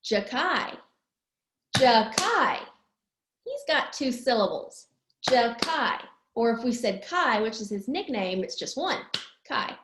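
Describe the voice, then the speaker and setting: A woman teaching young children a lesson, slowly stretching words out syllable by syllable. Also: fairly high pitch, sing-song, roomy sound, noisy background. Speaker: preschool teacher.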